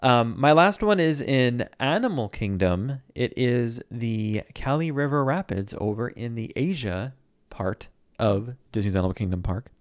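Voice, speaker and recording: A man's voice: mid-range voice, expressive, measured pace, dry recording, clean studio sound. A man co-hosting a casual chat, joking around and laying out a backstory in a laid-back way. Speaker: podcast co-host.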